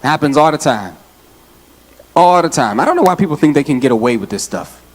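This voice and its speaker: A man preaching in a church, his voice set a little high for a man. He jokes with the congregation and talks straight to them in a loose, casual way. He sounds out of breath, as if he has been running. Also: expressive, fairly quick. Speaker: associate pastor. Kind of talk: lively Father's Day sermon. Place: church sanctuary.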